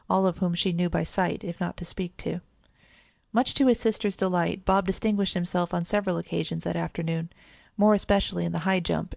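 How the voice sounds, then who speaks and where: A woman giving gentle, even scripted narration of a children's storybook. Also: on the low side, vocal fry, dry recording. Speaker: audiobook narrator.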